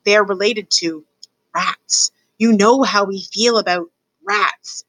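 Stern pompous king played by a woman reading, slow and commanding, crisp bright voice. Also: medium pitch, no echo, low-quality recording.

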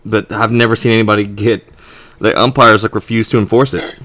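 A man's voice: lowish voice, fairly even intonation, brisk, a bit bright, no room sound. A man co-hosting a podcast in casual chat, rambling and opinionated with many restarts. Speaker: podcast co-host.

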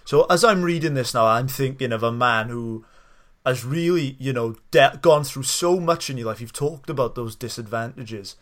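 A man's voice: mid-range voice, moderate pace, fairly bright tone. Friendly interviewing man. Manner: friendly, recapping the guest's story with hesitations. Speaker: podcast host. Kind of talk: interview questions.

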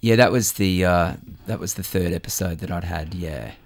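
A man's voice: sits low, normal speed, vocal fry. A middle-aged man, a musician guest in a radio interview, talking earnestly with many ums and uhs.

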